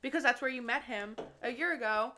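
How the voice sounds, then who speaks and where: A woman's voice: on the high side, fairly quick, crowd noise. A young woman co-hosting a podcast in casual chat, blunt and teasing, swearing a lot. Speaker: podcast co-host.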